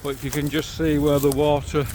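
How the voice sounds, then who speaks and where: Guiding viewers on a railway walk, this middle-aged St Helens local narrates casually outdoors by canals and an old railway line, filming handheld and chatting cheerfully about local sights. His voice is a little high and a little fast, darkish, with little pitch movement and slight background noise.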